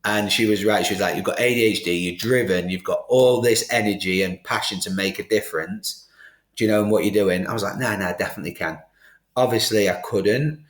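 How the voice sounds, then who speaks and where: A man's voice: fairly low pitch, a little fast. Man telling his story animatedly. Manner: animated, acts out quoted exchanges. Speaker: podcast guest. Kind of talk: candid storytelling in conversation. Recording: roomy studio echo.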